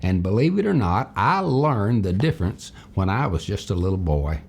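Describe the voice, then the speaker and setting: An older man from Tennessee, husky voice, telling a childhood story as a character lesson in a folksy, animated way. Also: fairly low pitch, normal speed. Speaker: storyteller teacher.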